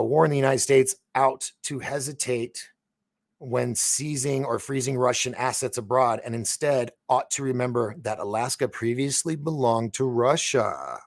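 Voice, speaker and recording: A man's voice: mid-range voice, vocal fry, no echo. A man hosting a casual live stream, reading news aloud, tripping over names and answering viewer comments. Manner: reads news aloud haltingly, stumbles on names, chats with viewers.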